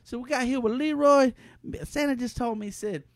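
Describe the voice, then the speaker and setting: A performer voices Leroy Claus, Santa's boastful male cousin, who talks in a loose, high-pitched drawl and tacks "man" onto everything. The comedic bit is recorded close with a dry sound. He stays unbothered and cocky throughout. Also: brisk, no room sound. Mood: laid-back boasting. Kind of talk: comedic improvised character bit.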